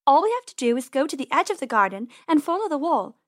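Woman voicing brave girl rabbit, bossy, high, storybook. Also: very animated, fast talker, no room sound, clean studio sound.

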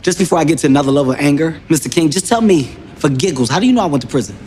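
A man's voice: fairly high pitch, lively intonation, rapid-fire, darkish tone, big-room sound, a little hiss or hum, lightly acted. An actor playing a blunt, exasperated streetwise man in film comedy dialogue, brash and profane.

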